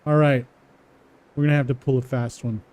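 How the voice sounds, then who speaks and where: A man walking through a coding exercise, repeating words aloud slowly as he types them and chuckling to himself. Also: medium pitch, fairly even intonation, a little mellow. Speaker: coding tutorial presenter. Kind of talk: casual live coding walkthrough.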